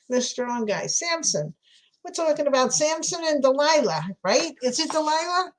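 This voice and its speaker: A woman with a New York accent hosts a craft livestream and chats with her viewers as she works. Her voice sits a little high, and she laughs easily between chatty remarks. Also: sing-song, unhurried, pauses often. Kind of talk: casual chat while crafting.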